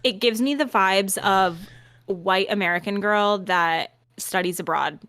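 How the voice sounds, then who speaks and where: A woman's voice: mid-range voice, unhurried, a bit bright, a little hiss or hum. A woman co-hosting a podcast in casual chat, sarcastic and joking. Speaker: podcast co-host.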